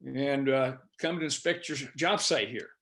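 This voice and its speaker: A man's voice: medium pitch, measured pace, a bit bright. A man quoting a pushy male government safety inspector in the middle of telling a story. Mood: officious.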